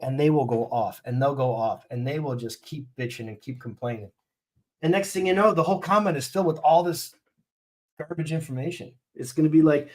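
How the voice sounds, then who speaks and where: A man's voice: on the high side, brisk, a little mellow. A fired-up man hosting a casual live stream, ranting bluntly and talking to his chat.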